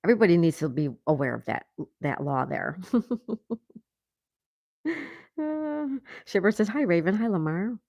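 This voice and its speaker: A woman's voice: fairly low pitch, very animated, normal speed, pauses often, darkish tone, dry recording, clean studio sound. A woman hosting a casual livestream, reading viewer comments aloud and laughing often. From United States. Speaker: livestream host. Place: home in Florida.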